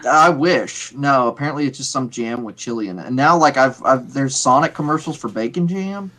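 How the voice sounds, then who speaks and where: A man's voice: medium pitch, lively intonation, brisk, fairly bright tone. A man co-hosting a casual chat who rambles, repeats words and slips into playful impressions. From Pittsburgh area. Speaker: podcast co-host.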